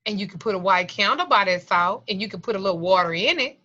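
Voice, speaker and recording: A middle-aged woman leads an occult class by video call, a profane, joking storyteller who acts out scenes and voices. Her mid-range voice is expressive, pushed and bright, and she speaks fast. The audio has no room sound and is dull and lo-fi.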